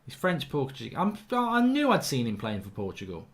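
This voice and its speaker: A man's voice: medium pitch, wildly swooping pitch. A man hosting a live football watchalong, chatting casually, reading out viewer comments and giving strong opinions. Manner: chatty, opinionated, quick to get worked up over refereeing.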